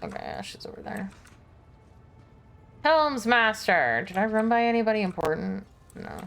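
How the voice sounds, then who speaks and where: A woman's voice: medium pitch, big pitch swings, normal speed, vocal fry, a bit bright, faint music behind. A woman streamer chatting casually while playing a game, self-deprecating and chatty.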